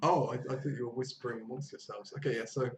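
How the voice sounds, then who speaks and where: A man with a southern English accent hosting a live online English lesson over a video call, explaining phrases by repeating them slowly. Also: medium pitch, fairly even intonation. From southern England. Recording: echoey room with faint noise.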